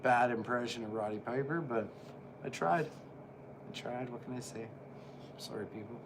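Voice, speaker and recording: A man's voice: mid-range voice, measured pace, pauses often, a little hiss or hum. A man casually commenting on old wrestling as he watches, rambling and joking. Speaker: wrestling reviewer.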